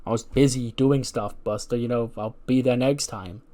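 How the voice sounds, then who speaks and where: A man's voice: medium pitch, fairly even intonation, normal speed, dark tone, close to an everyday voice. A man doing a meek, placating champion. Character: evasive, placating male wrestling champion.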